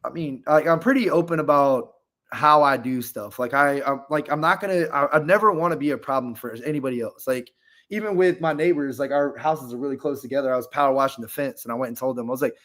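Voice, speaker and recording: A man in the middle of a casual story on a podcast, his pitch sitting in the middle range for a man. He rambles, leans on fillers, and speaks candidly. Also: fast talker, fairly bright tone. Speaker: podcast guest.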